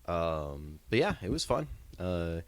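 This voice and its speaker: A man's voice: low voice, sing-song, slow. A man co-hosting a casual podcast chat, explaining his views on a game at length. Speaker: podcast co-host reviewing games and movies.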